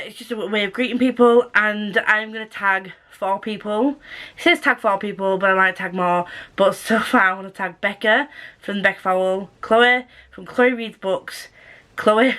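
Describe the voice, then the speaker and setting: A bright-voiced woman with a soft Scottish accent chats through a casual sit-down vlog. She talks in a giggly, self-deprecating way, with a middle-pitched voice. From Scotland. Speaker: booktuber.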